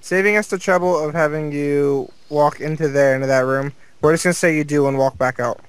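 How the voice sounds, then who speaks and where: Young man, game master, casual, a bit high-pitched, online voice chat. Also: steady tone, brisk, clear, resonant tone, no room sound. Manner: casual, swearing, narrating room contents. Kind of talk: running a tabletop game over voice chat.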